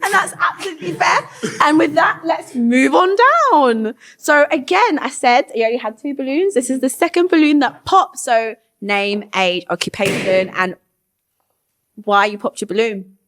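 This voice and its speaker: A woman with a high, light voice hosts a televised dating show. She moves the contestants along with upbeat, guiding questions. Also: moderate pace, a bit bright. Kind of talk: TV show hosting.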